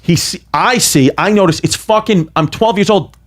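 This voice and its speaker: A man's voice: sits high, moderate pace. A man in his thirties from the New York area, a comedian guest telling a story animatedly, laughing and swearing as he goes. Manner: laughs through lines, heavy swearing.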